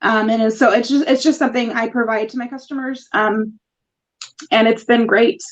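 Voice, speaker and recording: A woman's voice: fairly high pitch, fairly even intonation, moderate pace. A woman guest on a live interview, friendly and conversational, over lo-fi video call audio. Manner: friendly, conversational, laughs easily. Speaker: guest, small business owner.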